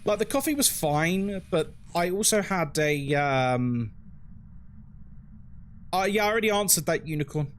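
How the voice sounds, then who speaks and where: A man's voice: a little high, animated, measured pace, long pauses. A man with a London accent, chatting frankly on a live game stream and answering his chat as he plays. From England.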